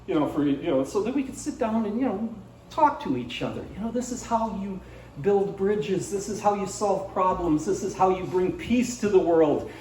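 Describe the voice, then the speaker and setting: A man's voice: high-pitched, expressive, normal speed, darkish tone, reverberant, recorded from a distance, a little hiss or hum, low-quality recording. A man doing live stand-up at a small cafe, rambling with many fillers and restarts. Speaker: stand-up comedian. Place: small cafe venue, indoors.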